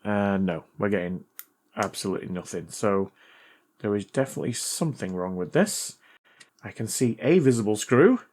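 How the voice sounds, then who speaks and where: A man hosting a repair video, reading a viewer's letter aloud and thinking out loud as he tests a gadget in a casual, chatty way. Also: lowish voice, expressive, normal speed. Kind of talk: casual hands-on repair commentary.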